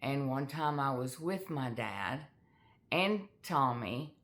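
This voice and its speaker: A middle-aged woman telling a personal family story in a candid, halting way with many fillers. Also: very deep voice, animated. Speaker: author sharing her life story.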